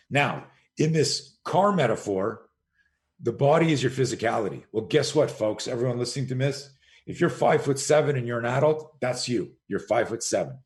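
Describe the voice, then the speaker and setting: A middle-aged man from Canada, a self-defense coach, speaking as a podcast guest in conversational storytelling, animated and profane, acting out quoted dialogue. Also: medium pitch.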